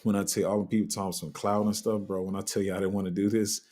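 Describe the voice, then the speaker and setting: A man's voice: fairly low pitch, flat delivery, fast, mellow. A man hosting a casual live crypto Q&A, answering chat in a loose, candid way and trailing off while he looks things up. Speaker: crypto livestream host.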